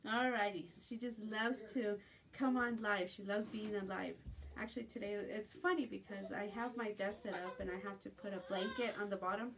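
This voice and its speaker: A middle-aged woman sells jewelry on a live stream from home at night, chatting casually and occasionally cooing in baby talk. Her mid-range voice is fairly even, at normal speed with vocal fry, picked up by a distant phone mic with faint room noise.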